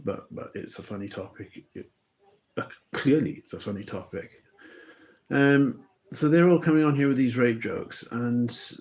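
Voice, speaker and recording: A man's voice: medium pitch, creaky. A man talking to camera in a loose, rambling monologue, often restarting his sentences. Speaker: vlogger.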